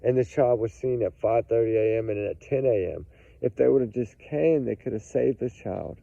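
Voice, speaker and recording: A man's voice: mid-range voice, normal speed, gravelly, mellow, no echo. A man giving emphatic, casual true crime commentary to his viewers, repeating his points. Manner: emphatic, repetitive, addresses viewers as y'all. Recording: tinny phone-like audio.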